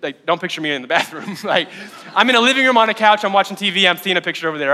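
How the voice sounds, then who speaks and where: High, bright-voiced man preaching. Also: brisk, big-room sound. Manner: energetic, with joking asides. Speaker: pastor. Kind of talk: sermon. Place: church auditorium.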